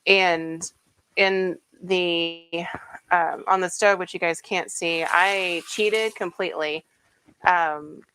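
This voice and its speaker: A woman's voice: on the low side, steady tone, takes it slowly, fairly bright tone, slight background noise, low-quality recording. A woman hosting a casual home cooking stream, chatty and rambling with plenty of fillers. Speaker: home cooking show host. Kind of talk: casual cooking livestream chat. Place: home kitchen.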